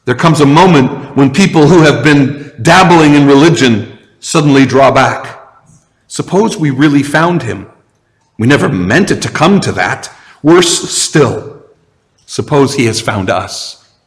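A man's voice: medium pitch, lively intonation. Male pastor preaching in a reverberant hall. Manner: conversational, with slow, heavy emphasis on key phrases. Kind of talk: sermon.

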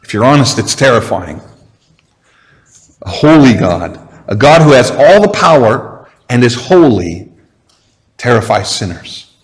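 Man, pastor, sermon, conversational, slow heavy emphasis, church, long reverb of a big hall. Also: medium pitch, sing-song.

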